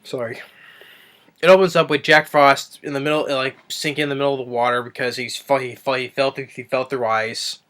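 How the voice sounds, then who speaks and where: Bright, smooth-voiced man rambling through a review. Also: mid-range voice, steady tone, brisk. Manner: rambling, with many restarts and self-corrections. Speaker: film reviewer. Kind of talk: casual spoken movie review.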